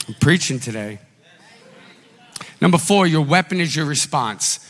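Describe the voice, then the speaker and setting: A man preaching a sermon as pastor, telling a story in an animated, conversational way with acted quotes. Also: a little high, moderate pace, pauses often, big-room sound.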